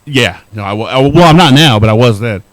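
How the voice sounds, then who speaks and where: A man's voice: mid-range voice, animated, fast talker, no echo. A middle-aged man co-hosting a podcast, telling a rambling, profane, self-deprecating story in casual chat. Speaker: podcast co-host.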